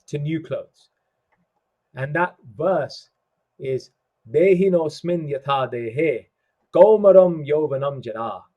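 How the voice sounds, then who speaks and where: A man hosting an online spiritual summit over a video call, speaking slowly and deliberately and reciting scripture. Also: a little high, a little mellow, breathy edge, rough recording. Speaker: summit host. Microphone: video call microphone.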